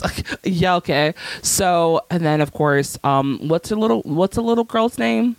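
A young woman co-hosting a casual podcast, recapping a TV episode with animated storytelling and high-pitched acted-out quotes. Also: moderate pace, dry recording. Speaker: podcast co-host.

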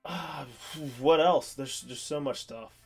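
A man's voice: on the high side, takes it slowly, breathy edge. Young guy from pittsburgh rambling on a podcast, lots of ums, faint music behind. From Pittsburgh area. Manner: rambling, many ums and restarts. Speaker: podcast co-host. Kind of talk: casual chat.

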